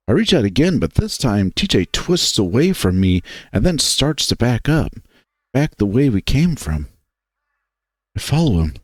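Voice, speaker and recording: A man reading a visual novel aloud in first-person narration, unhurried and expressive. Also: mid-range voice, no echo.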